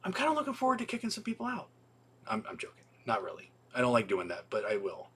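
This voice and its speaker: Husky guy rambling on a store livestream, cusses a lot, lots of ums. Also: medium pitch, wildly swooping pitch, fast, bright, forceful tone. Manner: rambling, profane, with many ums and restarts. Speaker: video store owner hosting a weekly livestream. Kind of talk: casual livestream chat.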